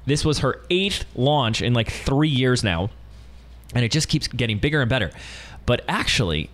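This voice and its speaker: A man hosting a business podcast from a studio, talking in an enthusiastic, emphatic and playful way. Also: mid-range voice. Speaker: podcast host. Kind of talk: upbeat podcast interview.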